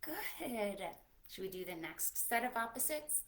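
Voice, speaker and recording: A young adult woman, a children's librarian, leading a livestreamed preschool storytime in an animated, sing-song way, talking to little children and a puppet. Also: fairly high pitch, moderate pace, heavy background noise.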